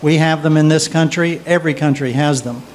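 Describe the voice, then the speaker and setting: A man from the audience makes a measured, opinionated comment in a public debate. His voice is somewhat high. Faint noise sits in the background. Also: fairly even intonation. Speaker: audience member.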